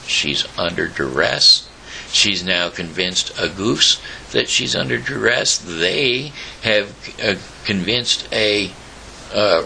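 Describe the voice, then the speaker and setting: A man from Missouri hosting his own daily show, rambling through opinions and retelling a fable with many pauses and uhs. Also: mid-range voice, creaky, bright, forceful tone, slight background noise, rough recording. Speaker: host. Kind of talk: rambling monologue and storytelling.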